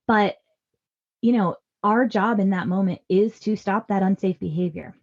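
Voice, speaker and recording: A woman's voice: mid-range voice, normal speed, highs cut off. A woman in her thirties giving earnest, reassuring parenting advice in a podcast conversation. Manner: earnest and reassuring, acts out parent lines softly. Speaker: parenting guest expert.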